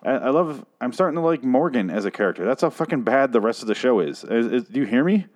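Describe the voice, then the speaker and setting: A man's voice: medium pitch, expressive, quick pace, darkish tone. A man hosting his own review podcast, ranting casually with sarcastic, exasperated swearing. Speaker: podcast host.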